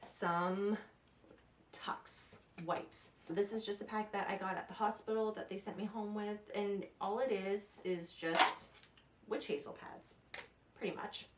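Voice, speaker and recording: A woman's voice: mid-range voice, steady tone, a little slow. A young woman talking through advice in a chatty, rambling way, laughing at herself as she goes. Her voice sits mid-range and carries a noticeable echo, recorded by a camera mic a little way off, with faint noise behind. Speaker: vlogger. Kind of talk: casual advice vlog. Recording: echoey room, a little distant.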